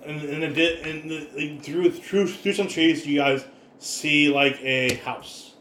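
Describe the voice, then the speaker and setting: Game master, male, a bit high, halting narration; roomy echo with some hiss. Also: fairly even intonation, a bit bright. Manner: stammering restarts while describing scenes. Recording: roomy echo, light background noise.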